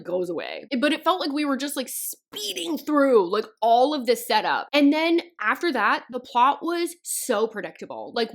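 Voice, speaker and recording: An exasperated woman reviewing books in a casual rant. Her voice sits a little high and swings around a lot, punctuated by swearing and laughs. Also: a bit bright. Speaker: book reviewer. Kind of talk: casual ranting review to camera.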